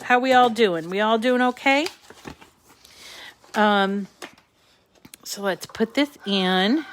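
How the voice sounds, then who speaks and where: A woman's voice: mid-range voice, takes it slowly, slight background noise. A woman with a New England accent hosting a live crafting show, chatting with viewers in a casual, filler-filled way.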